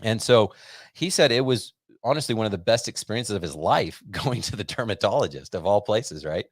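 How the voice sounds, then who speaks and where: A man's voice: fairly low pitch, lively intonation, fairly quick, dry recording, studio quality. A middle-aged American man hosting a podcast, chatting casually and rambling upbeat with many fillers. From United States. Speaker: podcast host. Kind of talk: casual monologue to a live audience.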